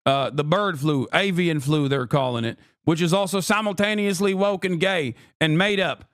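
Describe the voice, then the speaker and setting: A man's voice: a little high, normal speed, dry recording, clean studio sound, lightly acted. A man voicing a mocking caricature of a dim, aggressive male voter who loves tariffs, in a dopey, slurred way. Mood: belligerent.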